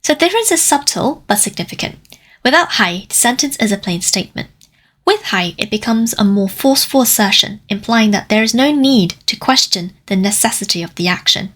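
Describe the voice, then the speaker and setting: A woman with a husky, slightly breathy voice delivers a scripted language lesson. She explains grammar step by step in a clear, careful way and slows down to sound out each example phrase. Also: fairly high pitch, lively intonation, a bit bright. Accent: Cantonese. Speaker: language teacher.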